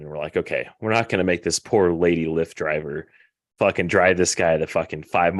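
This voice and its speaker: A very deep-voiced young man spins a rambling story packed with swearing, talking casually like a podcast host. The sound is dry and close, with no room around it. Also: no echo. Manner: profane, rambling, animated retelling.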